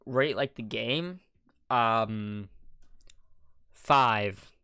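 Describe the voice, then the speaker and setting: A young man chats on a casual podcast, often laughing and protesting in flustered bursts. His voice is smooth and clear, and it sits at a middle pitch. The sound is close and dry. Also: extremely slow, sharp tone, no echo. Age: young adult. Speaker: podcast co-host. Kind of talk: casual chat.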